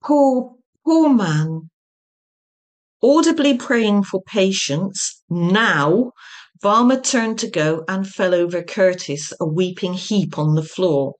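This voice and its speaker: Slow, wry woman reading her novel. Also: mid-range voice. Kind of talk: audiobook-style reading of a comic novel.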